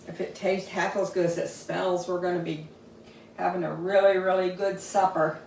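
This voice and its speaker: In a home kitchen, a woman with a lowish, fairly even voice chats casually at a moderate pace while showing a family recipe and tasting her dish. The tone is homey, but the kitchen is echoey and noisy, and she sounds distant and a bit off-mic.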